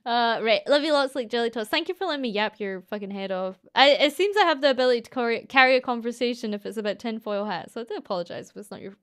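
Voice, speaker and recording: A woman's voice: on the high side, clear, resonant tone. Chatty Scottish woman streamer. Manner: chatty, giggly, rambling. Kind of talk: casual livestream chat.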